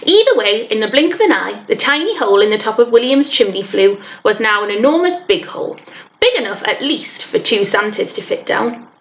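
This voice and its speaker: A woman teacher reading a children's novel aloud with expressive storytelling. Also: on the high side, a little fast.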